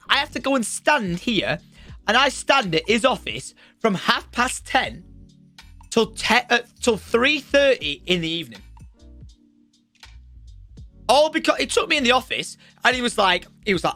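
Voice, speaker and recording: A man's voice: extremely high pitch, moderate pace, soft background music. A young man telling a stream audience a story about school, swearing freely and acting out the characters with plenty of energy. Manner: swearing, lively, acts out the teacher's shouting. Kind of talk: animated storytelling on a live stream. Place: home streaming room.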